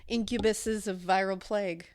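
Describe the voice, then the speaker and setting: A woman's voice: mid-range voice, fairly even intonation, normal speed, a little mellow. Congested woman co-host, casual true-crime chat, chatty and filler-heavy. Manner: chatty, with frequent fillers and laughs. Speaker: podcast co-host.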